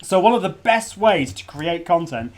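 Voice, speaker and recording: A man's voice: high-pitched, expressive, normal speed, slight background noise. A middle-aged man hosting a live stream launch party, chatty and prone to restarts. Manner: chatty, restarts often, interrupted by kids. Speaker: podcast host. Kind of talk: casual livestream talk.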